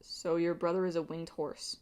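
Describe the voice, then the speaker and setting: A woman's voice: fairly low pitch, little pitch movement, normal speed, darkish tone, smooth, close to an everyday voice. A woman reading an audiobook and voicing a wisecracking teenage boy with a dry, offhand way of joking. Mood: wry.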